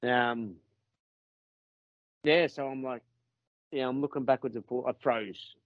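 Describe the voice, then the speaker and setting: A man's voice: mid-range voice, fairly even intonation, a little slow, dry recording, muffled recording. A man with an Australian accent telling a story in a casual podcast chat, rambling and swearing with many restarts.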